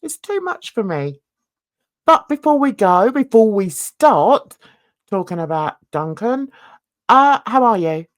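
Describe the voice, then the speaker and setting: A woman's voice: mid-range voice, very animated, takes it slowly, dry recording, clean studio sound. A woman hosting a crime reaction channel, talking in a chatty, exclamatory, rambling way while nursing a toothache. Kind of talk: casual reaction vlog chat.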